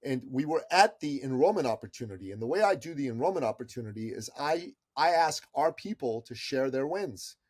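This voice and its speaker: A man's voice: medium pitch, expressive, fairly quick, few pauses, slightly rough, no echo, studio quality. A middle-aged man telling a story as an interview guest, in an emphatic, persuasive way. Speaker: podcast guest.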